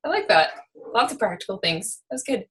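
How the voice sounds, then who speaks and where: A woman's voice: mid-range voice, very animated, brisk, fairly bright tone, rough recording. A woman hosting a team call, enthusiastically praising speakers and handing off to the next one. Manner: enthusiastic, encouraging. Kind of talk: casual hosting.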